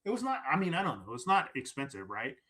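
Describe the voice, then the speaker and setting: Animated man telling a story. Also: a little high, quick pace. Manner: animated, acts out quoted voices, says "right?" often. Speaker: podcast guest. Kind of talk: casual storytelling.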